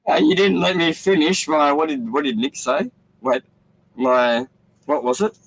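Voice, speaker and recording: A man's voice: fairly high pitch, lively intonation, a little slow, rough recording. Give me a rambling Australian guy. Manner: rambling, joking, swears. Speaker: guest caller. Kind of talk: casual chat.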